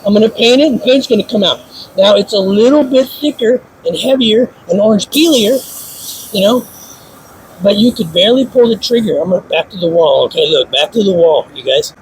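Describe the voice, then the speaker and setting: A man giving a casual hands-on painting demonstration in a workshop, snarky and self-mocking, with sudden excited outbursts. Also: high voice, fairly quick, a little hiss or hum, poor audio. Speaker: paint instructor.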